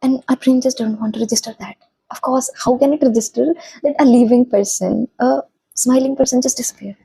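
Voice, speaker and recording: Soft, hesitant young woman with gravelly husky voice. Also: high voice, steady tone, poor audio. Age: young adult. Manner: soft-spoken, hesitant, halting. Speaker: vlogger, college student. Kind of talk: personal reflective vlog.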